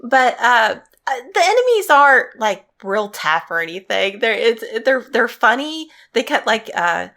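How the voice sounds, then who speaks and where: A woman's voice: on the high side, big pitch swings, unhurried, few pauses, bright, forceful tone. A woman chatting casually on a podcast as a guest streamer, rambling with many fillers and giggling.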